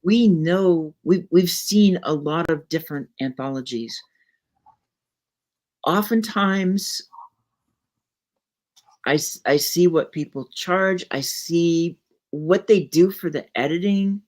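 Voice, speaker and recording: A woman's voice: fairly low pitch, takes it slowly, long pauses, a little mellow. A woman guest in casual chat, earnest and repeating words as she thinks. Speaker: co-author guest.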